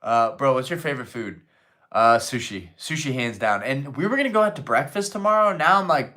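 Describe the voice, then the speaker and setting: A man chatting on a late-night live stream, relaxed and loose, reading viewers' messages and riffing on them. His voice sits in an ordinary middle range, and he swears freely and jokes around as he answers. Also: medium pitch, fairly quick. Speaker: livestream host reading chat. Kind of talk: casual livestream chat.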